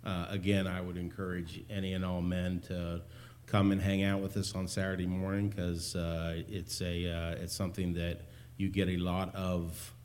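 Male churchgoer, very deep monotone voice, earnest and halting. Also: a little hiss or hum. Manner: earnest, halting, many fillers. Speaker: men's group member giving testimony. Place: church sanctuary.

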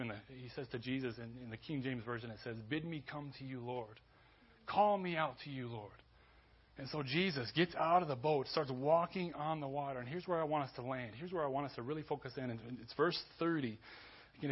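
A man preaching a sermon as pastor, conversational with restarts, building to loud emphasis. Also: mid-range voice, breathy edge, dull audio. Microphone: church sermon recording.

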